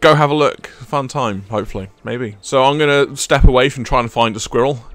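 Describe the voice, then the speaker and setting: A man giving casual gameplay commentary into a desk microphone, excitable and chatty and laughing often. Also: mid-range voice, fairly quick, dry recording. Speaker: gaming video creator. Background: faint game music.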